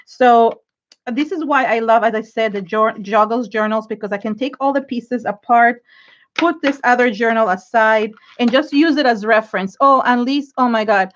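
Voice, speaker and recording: A woman's voice: a little high, normal speed, lo-fi sound. A middle-aged woman hosting an art journaling livestream, chatting casually and gushing with thanks to viewers, teary and close to crying. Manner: gushing, emotional, thanks viewers and keeps restarting sentences. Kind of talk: casual livestream chat while crafting.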